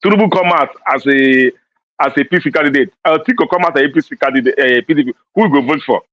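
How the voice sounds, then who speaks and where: Rapid-fire Nigerian Pidgin interviewer. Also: male voice, fairly high pitch, dry recording, dull audio. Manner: pushy, rapid-fire questioning. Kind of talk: probing questions.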